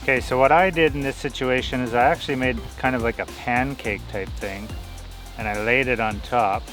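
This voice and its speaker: A man casually explaining how he cooks over a campfire outdoors, in a relaxed way. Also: medium pitch, brisk, soft background music. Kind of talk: casual cooking demonstration.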